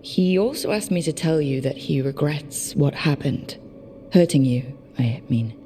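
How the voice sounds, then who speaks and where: A woman's voice: deep voice, expressive, unhurried, warm tone. An actress with a Geordie accent playing a young woman who leads a team in a video game, speaking steadily and matter-of-factly.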